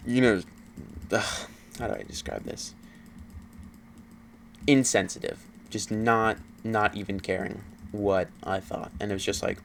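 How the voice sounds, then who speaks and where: Young guy, low gravelly voice, rambling and sighing, lots of "like", faint hiss behind. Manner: halting, rambling, many fillers and sighs. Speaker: gaming channel host. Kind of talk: personal confessional talk.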